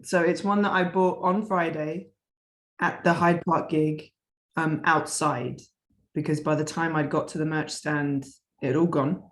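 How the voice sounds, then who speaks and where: A British woman speaks as a podcast guest, cheerful and quick to laugh. Her voice comes through a video call that sounds roomy and echoey. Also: low-pitched, fairly even intonation. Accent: British English. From Britain. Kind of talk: casual chat.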